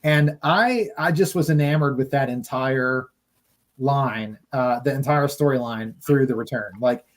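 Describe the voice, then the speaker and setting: A man's voice: medium pitch, measured pace, low-quality recording. A man chatting casually as a podcast co-host, gushing and emotional, often stammering and restarting his sentences. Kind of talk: casual enthusiastic chat.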